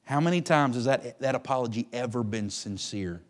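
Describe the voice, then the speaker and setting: A man preaching a sermon in a folksy, emphatic way, swinging from loud to hushed. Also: medium pitch, animated, fairly quick.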